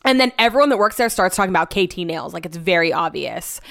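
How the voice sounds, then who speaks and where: A woman's voice: on the low side, animated, quick pace, creaky, a bit bright. A young woman at home chatting casually through a rambling storytime vlog, frank and loose with swearing. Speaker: vlogger. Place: home, indoors.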